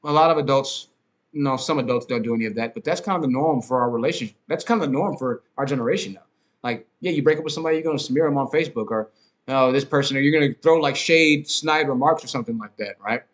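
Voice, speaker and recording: A man's voice: medium pitch, fast talker. A man hosting a podcast, ranting in a casual, rambling monologue with frequent swearing, fillers and restarts. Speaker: podcast host.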